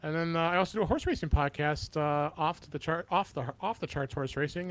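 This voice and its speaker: A man guesting on a podcast, talking casually and haltingly with many fillers. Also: fairly high pitch, fairly bright tone. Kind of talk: casual chat.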